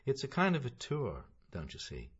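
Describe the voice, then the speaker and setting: A man's voice: medium pitch, wildly swooping pitch, normal speed, slightly rough, pitched above the performer's own voice. A man reading an audiobook voices a mild, thoughtful middle-aged man who answers politely and evenly. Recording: dull lo-fi audiobook recording.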